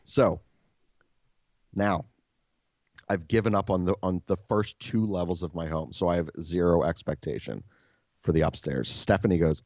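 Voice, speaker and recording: A man casually telling a story as a podcast host, animated and exasperated, swearing often. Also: sits low, normal speed, pauses often, dry recording, dull audio.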